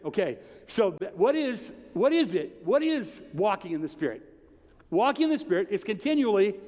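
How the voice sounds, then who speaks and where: A man preaching a sermon with earnest, animated delivery and many rhetorical questions. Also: high voice. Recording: long hall reverb.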